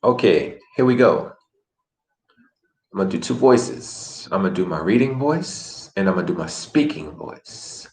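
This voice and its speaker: A man's voice: deep voice, reverberant, low-quality recording. A man teaching an online language lesson in an earnest, encouraging coaching manner.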